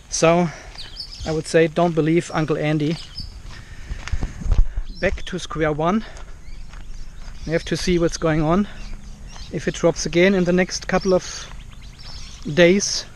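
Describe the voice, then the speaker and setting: Standing in his home carport, a car vlogger rants at the camera in a casual, exasperated vlog, circling back to the same complaints. His voice sits high for a man, and there's slight background noise.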